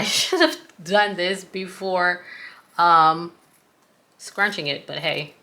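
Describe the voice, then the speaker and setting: Bright-voiced Southern woman teaching sewing. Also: medium pitch. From American South. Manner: chatty, self-deprecating, folksy. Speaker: craft tutorial host. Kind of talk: casual sewing tutorial.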